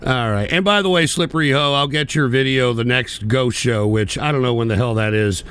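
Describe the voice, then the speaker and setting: A man's voice: mid-range voice, brisk, fairly bright tone, clean tone. A man hosting an online political show, ranting bitterly and profanely in a repetitive way. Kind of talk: livestream rant.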